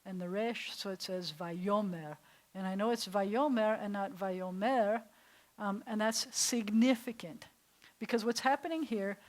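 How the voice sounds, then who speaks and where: A woman's voice: mid-range voice, low-quality recording. Enthusiastic woman rabbi teaching a class. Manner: enthusiastic, drops to soft breathy whispers on key phrases. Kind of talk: classroom lesson. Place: synagogue classroom.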